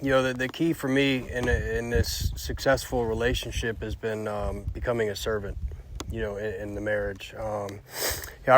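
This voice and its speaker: A man's voice: medium pitch, a bit bright, slight background noise. A man sharing at a recovery meeting in a casual, heartfelt way, hesitant with many fillers and restarts.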